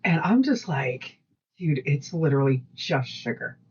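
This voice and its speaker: A woman co-hosting a podcast, chatting casually and rambling through stories with lively quoted voices. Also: deep voice, measured pace, slightly rough, lo-fi sound. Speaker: podcast co-host. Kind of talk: casual chat.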